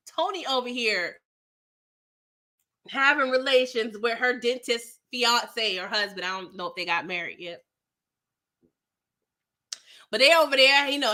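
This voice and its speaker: Bright high-voiced woman recapping TV. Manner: chatty and slangy, reacting with exasperation. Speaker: TV recap host. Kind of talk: casual live episode recap.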